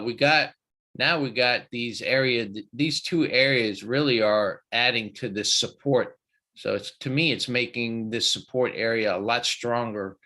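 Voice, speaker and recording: A man's voice: mid-range voice, bright, forceful tone. A man hosting a live trading show, chatty and folksy as he walks through stock charts. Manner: folksy, chatty, loose with fillers. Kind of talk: live market commentary.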